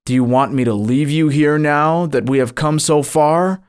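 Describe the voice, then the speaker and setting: A man's voice: on the low side, slow pace. Man reading as a stern, terse spirit guide.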